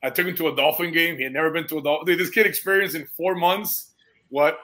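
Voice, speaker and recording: A man with a bright, forceful voice pitched a little high tells a story to friends in loose conversation. His talk is animated and peppered with casual swearing and dude and bro, and he gets emotionally moved as he goes. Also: quick pace. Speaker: guest, foster parent.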